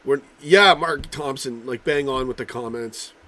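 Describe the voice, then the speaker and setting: This livestream host is a man chatting casually about football, swearing and drifting between topics as he reads out comments from viewers. He keeps coughing and clearing his throat, speaking in a mid-range voice at a measured pace with a sharp tone.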